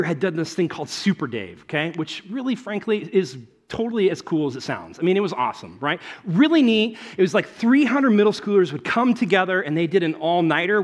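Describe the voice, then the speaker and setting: A man in his thirties preaching a sermon, telling stories and acting out quotes, swinging between loud and soft. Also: a little high. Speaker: pastor.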